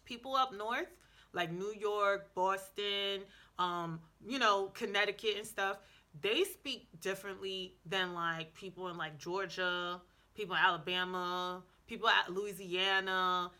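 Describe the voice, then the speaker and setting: A woman vlogger talks through language tips in a loose, casual way. Her voice is bright and forward, and she keeps it conversational with plenty of "like"s, quick restarts and playful asides. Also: medium pitch, steady tone. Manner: chatty, many "like"s and self-corrections. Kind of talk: casual advice vlog.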